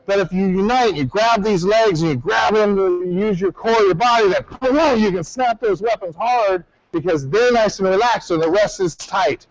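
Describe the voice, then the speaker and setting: A martial arts instructor leads a class in a high-pitched male voice, barking out commands and drill counts. The sound is dry and slightly muffled, with no room echo. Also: normal speed, few pauses.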